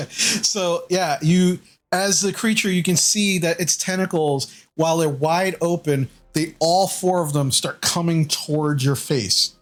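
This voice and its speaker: A man running a tabletop game as dungeon master, narrating slowly with frequent fillers. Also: on the high side, faint music behind. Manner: slow, halting narration with many fillers.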